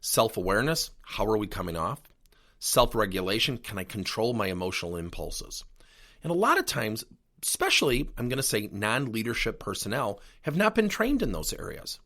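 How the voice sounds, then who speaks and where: A man's voice: lowish voice, normal speed. A middle-aged man hosting a coaching podcast, telling stories and acting out conversations as he goes. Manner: animated storytelling with acted-out dialogue. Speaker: podcast host and workplace coach. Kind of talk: solo podcast monologue.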